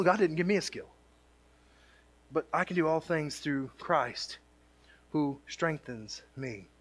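A man's voice: sits high, a bit bright. A male pastor preaching a sermon in a church, mixing jokey asides with rising, emphatic build-ups. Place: church sanctuary.

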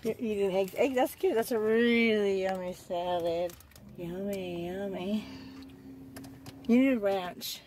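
A woman's voice: medium pitch, slow pace, a little mellow. A mother chatting playfully and upbeat in a casual family vlog, recorded in a parked car. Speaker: vlogger and mother.

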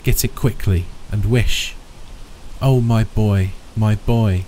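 A man's voice: on the low side, steady tone, slow, dark tone, slight background noise, poor audio. A man voicing a frantic, grieving old woman who pleads hysterically. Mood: feverish.

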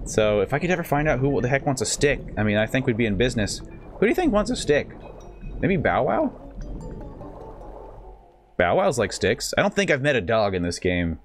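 A man narrating his playthrough in a casual, joking voice whose pitch swings widely as he reacts. He wanders into rambling asides and then bursts out in excitement. Faint game music plays underneath. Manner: jokey, rambling asides and sudden excited outbursts. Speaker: let's play host. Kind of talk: casual gameplay commentary.

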